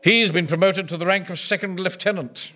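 A pompous bank manager. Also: male voice, sits high, steady tone, fairly quick, pushed and bright. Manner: pompous, blustering, commanding. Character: pompous middle-aged male bank manager, self-important officer. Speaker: bank manager and platoon commander. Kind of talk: broadcast sitcom acting.

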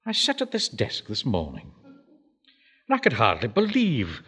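An actor playing a pompous, blustering middle-aged bank manager who commands a home defence platoon. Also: male voice, mid-range voice, wildly swooping pitch, measured pace, sharp tone, slightly rough, heavily acted. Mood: boastful. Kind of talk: broadcast sitcom acting.

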